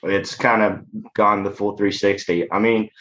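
A man's voice: fairly low pitch, level tone, measured pace, a bit bright, highs cut off. A man, a musician guest talking casually in a laid-back, rambling way. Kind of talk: casual interview chat.

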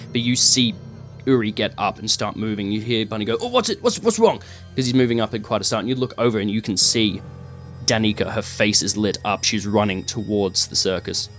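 A man narrating a tabletop game as game master, animated and hesitant. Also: fairly low pitch, brisk, soft background music.

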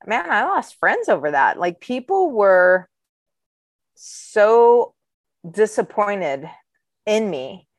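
A woman's voice: mid-range voice, big pitch swings, slow pace, long pauses, no echo, clean studio sound. A woman co-hosting a casual podcast, talking candidly and rambling with self-deprecating asides. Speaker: podcast co-host. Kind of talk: casual chat.

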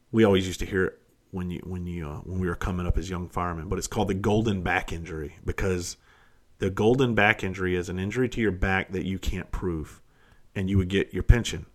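A middle-aged man hosting a podcast, telling blunt, profane stories from his own past in a casual, self-deprecating way. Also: deep voice. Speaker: podcast host. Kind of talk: casual storytelling monologue.

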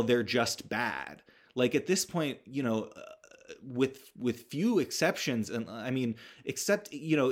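A young podcast host recaps a movie at a middle pitch, rambling casually with lots of fillers, false starts and restarts. His tone is sardonic, and he occasionally swears to drive a point home.

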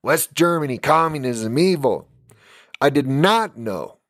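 A man's voice: mid-range voice, expressive, measured pace, a bit bright, dry recording. American man, fiery live-stream sermon, emphatic, tired, dry close sound. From United States. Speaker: podcast host and preacher.

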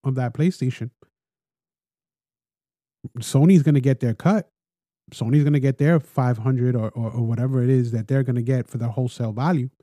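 A man hosting a casual solo podcast, explaining with animated storytelling and addressing listeners directly. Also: mid-range voice, normal speed, long pauses, no echo, clean studio sound. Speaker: podcast host.

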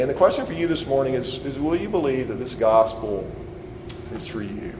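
A pastor giving a conversational sermon and leading a closing prayer. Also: male voice, mid-range voice, lively intonation, fairly quick. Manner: conversational preaching, ending in prayer. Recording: roomy hall reverb, faint noise.

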